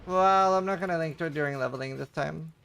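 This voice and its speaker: Game streamer, male, a bit high and gravelly, easygoing chat with viewers. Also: quick pace. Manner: relaxed, chatty, answers chat between plays. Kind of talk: casual live-stream commentary.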